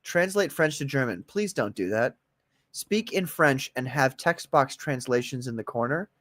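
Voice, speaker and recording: A man's voice: mid-range voice, lively intonation, normal speed, fairly bright tone. A man co-hosting a podcast, trading crude, teasing jokes in loose banter. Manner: mocking, jokey, teasing. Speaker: podcast co-host.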